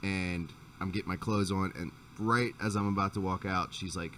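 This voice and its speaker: A man's voice: low-pitched, steady tone, normal speed, hardly any pauses, bright, forceful tone, far from the mic, slight background noise. A man hosting a podcast and telling a long, profane story in casual chat, with frequent restarts. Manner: profane, rambling anecdote with restarts. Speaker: podcast host.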